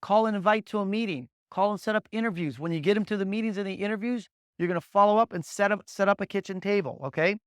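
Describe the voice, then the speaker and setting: A man leading a motivational sales training session for new agents, telling energetic stories and driving points home with repeated "guess what" and "okay?". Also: high voice, fast, hardly any pauses, smooth, no echo, clean studio sound. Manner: blunt, punchy coaching delivery.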